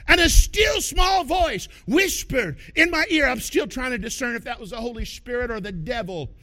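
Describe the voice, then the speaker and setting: High, lively folksy preacher man. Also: moderate pace. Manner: folksy animated storytelling, shouting for emphasis. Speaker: pastor. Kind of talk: sermon.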